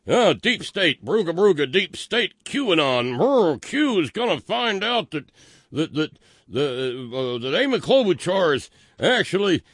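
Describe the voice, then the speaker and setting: A man putting on a frantic, babbling, paranoid male conspiracy nut, his voice thrown high and loud. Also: big pitch swings, unhurried, husky, no echo, studio quality, heavily acted.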